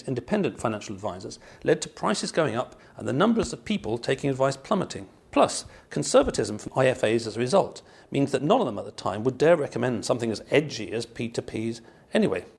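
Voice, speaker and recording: A man's voice: mid-range voice, creaky, husky. A man hosting a finance podcast, reading a wry scripted intro and then chatting in a discursive, musing way. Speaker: podcast host. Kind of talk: scripted intro then casual interview chat. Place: meeting room in London.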